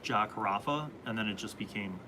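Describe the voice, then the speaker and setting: A man's voice: lowish voice, a little fast, noisy background. A man hosting a casual live stream, reading viewer comments and rambling through answers about tabletop games.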